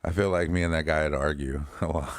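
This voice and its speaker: A man's voice: very deep voice, steady tone, quick pace, dry recording, clean studio sound. A man co-hosting a casual podcast, talking in a loose, joking, rambling way. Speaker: podcast co-host. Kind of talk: casual chat and sign-off.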